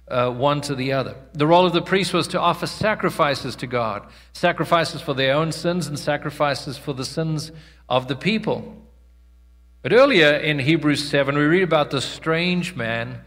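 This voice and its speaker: A man's voice: on the high side, a bit bright. Guy preaching a sermon, reads a passage then explains it with lots of uh and restarts, voice rings out in a big echoey church.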